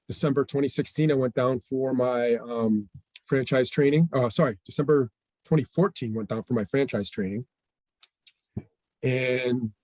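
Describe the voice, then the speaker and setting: A man's voice: mid-range voice, no echo. Middle-aged man telling a story, dry sound. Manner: animated, acts out quoted dialogue. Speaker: franchise owner guest. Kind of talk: storytelling interview chat.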